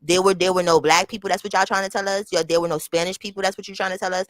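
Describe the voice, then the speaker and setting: A woman's voice: on the low side, steady tone, rapid-fire, no room sound. Blunt, profane woman riffing to her chat. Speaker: channel host. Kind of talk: casual livestream commentary. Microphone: small mic near her mouth.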